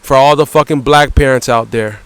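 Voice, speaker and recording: A man's voice: medium pitch, fairly even intonation, a little fast, fairly bright tone, smooth, no echo, low-quality recording. A man ranting bluntly in a vlog, swearing constantly and repeatedly tagging his phrases with "bro.". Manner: profane, repetitive, ends phrases with "bro"; blunt and heated. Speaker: vlogger. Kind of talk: angry rant vlog.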